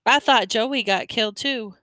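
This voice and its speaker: Woman doing a weepy stammery little boy, high bright voice, dry close sound. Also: no room sound. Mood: pleading. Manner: halting, stammering. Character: young boy, shy, ashamed and weepy.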